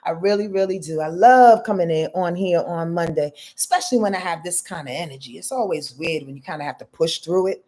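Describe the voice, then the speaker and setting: A woman hosting a casual live-stream astrology reading, expressive and chatty, speaking straight to her viewers. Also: on the low side, fairly quick, few pauses. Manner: expressive, talks straight to viewers, greets chat by name.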